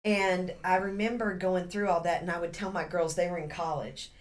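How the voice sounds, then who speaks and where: A woman in her fifties, a podcast guest, telling a story in a lively, laughing, casual way. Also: on the low side, normal speed. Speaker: podcast guest, real estate agent.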